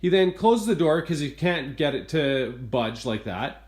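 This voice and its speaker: Exasperated male homeowner, handheld home-video complaint, hurried retelling. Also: on the high side, sing-song, darkish tone. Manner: exasperated, retelling events in a rush. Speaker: homeowner reviewing appliances. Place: inside a home kitchen.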